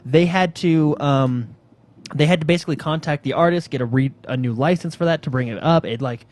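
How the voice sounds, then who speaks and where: A man's voice: on the high side, brisk, a little mellow. A man co-hosting a gaming podcast in casual chat, rambling through news items with many fillers. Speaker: podcast co-host.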